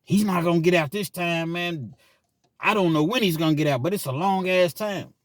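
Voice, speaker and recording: A man's voice: high voice, moderate pace, no room sound. A man telling a personal story in casual, slangy talk as a vlog host. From Kentucky, US.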